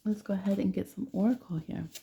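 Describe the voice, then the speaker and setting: Gravelly blunt woman reading tarot. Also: medium pitch, quick pace, dark tone, slight background noise. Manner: blunt, playful, laughs often. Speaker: tarot reader. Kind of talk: casual tarot reading to camera.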